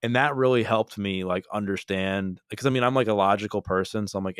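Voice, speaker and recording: A man's voice: lowish voice, fast, few pauses, clear, resonant tone, no echo, clean studio sound. A man hosting a podcast, talking in an earnest, emphatic, casual interview style. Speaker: podcast host.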